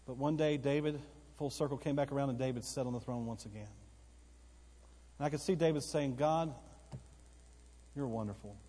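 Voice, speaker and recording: A man preaching a sermon to his church, telling a story that rises into excited bursts. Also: medium pitch, fairly quick. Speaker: pastor. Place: church sanctuary. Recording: long reverb of a church hall.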